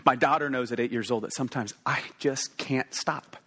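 Male preacher, thirties, mid-range voice; tells stories casually, then slows down hard on key lines. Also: medium pitch, fairly even intonation, fairly bright tone, breathy edge. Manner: conversational, swings between quick asides and slow emphatic pauses. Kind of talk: sermon storytelling.

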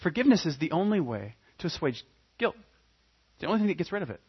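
A man preaching a sermon, dramatic, swinging between loud emphatic points and quiet hushed asides. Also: a little high, sing-song, fast talker, husky, lo-fi sound. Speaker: pastor.

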